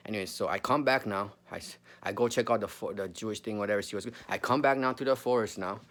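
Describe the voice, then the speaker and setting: A man's voice: on the low side, fast talker, fairly bright tone. A man, telling a story casually, full of slang and swearing. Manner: slangy, swears a lot, says bro often.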